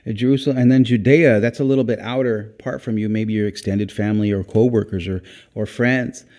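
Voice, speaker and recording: A man's voice: fairly low pitch, steady tone, a little fast, dark tone. A man giving an informal, earnest sermon, rambling and repeating himself, dropping in "praise God.". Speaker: preacher.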